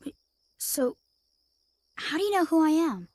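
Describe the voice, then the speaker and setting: Man doing a high timid young boy. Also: big pitch swings, a little slow, a little mellow, no room sound, exaggerated voice. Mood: puzzled. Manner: hesitant, questioning. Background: game music.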